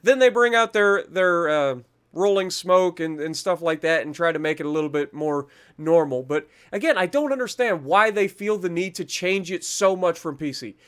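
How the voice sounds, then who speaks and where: A man's voice: high-pitched, normal speed, a bit bright, clear, resonant tone. A man hosting a gaming channel, reading out patch notes in a chatty, self-mocking way, stumbling over foreign names and breaking into little rants. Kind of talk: casual patch-notes commentary.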